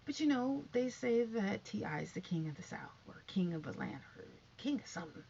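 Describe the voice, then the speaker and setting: A middle-aged woman giving chatty, sassy gossip commentary, sometimes dropping to hushed asides. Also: medium pitch, sing-song, fairly quick, gravelly, highs cut off, slight background noise. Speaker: commentary vlogger.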